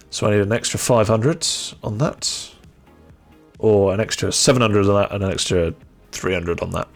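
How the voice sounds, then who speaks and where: A man's voice: on the low side, moderate pace, vocal fry, faint music behind. A man streaming a game live, chatting casually and muttering jokes to himself.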